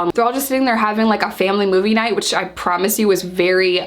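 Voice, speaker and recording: A young woman telling her own story to camera in casual talk, animated and acting out what she once said. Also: medium pitch, fast talker, few pauses. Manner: animated, acts out her own past lines.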